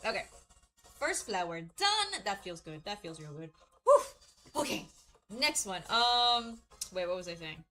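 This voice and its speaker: A woman's voice: mid-range voice, big pitch swings, unhurried, pushed and bright, rough recording. A young woman streamer chatting while doing a craft, rambling through a story, swearing freely and laughing at her own telling. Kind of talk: casual chat while crafting.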